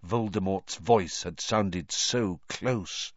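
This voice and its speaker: A man narrating a storybook in expressive, dramatic storytelling. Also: deep voice, slow, no echo. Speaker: audiobook narrator. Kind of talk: scripted narration. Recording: dull dry lo-fi recording.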